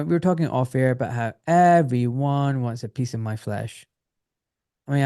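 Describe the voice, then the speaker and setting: A man's voice: medium pitch, no room sound, clean studio sound. A middle-aged man with a British accent, a former doctor telling his story as a podcast guest. He talks casually, swears freely and acts out what others said. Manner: animated, swears, acts out quoted voices.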